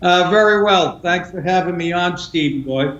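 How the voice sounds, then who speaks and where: Deadpan New comic, echoey room. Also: male voice, sits high, moderate pace, lo-fi sound. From New York. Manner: deadpan, crude one-liners. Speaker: stand-up comedian guest. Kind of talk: dry joking banter on a remote call. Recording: echoey roomy sound.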